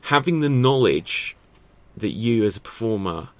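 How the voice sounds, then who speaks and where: A man with a fairly low voice teaches acting in a loose, chatty way. He keeps asking rhetorical questions and thinks out loud, with plenty of fillers along the way. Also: lively intonation, a little slow, no echo. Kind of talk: casual spoken lesson to camera.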